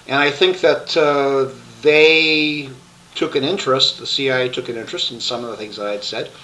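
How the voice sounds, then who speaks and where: A man telling his life story to a webcam, rambling and halting with many restarts. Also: mid-range voice, fairly even intonation, bright, forceful tone, low-quality recording.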